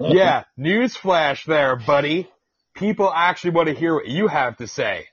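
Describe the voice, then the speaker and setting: A man hosting a talk radio show, swearing freely and needling his co-host with sarcasm. His voice is husky and high for a man, heard close and dry on a dull, lo-fi recording. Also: animated, unhurried, no echo. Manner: profane, sarcastic, teasing. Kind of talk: casual podcast rant. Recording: dull lo-fi sound.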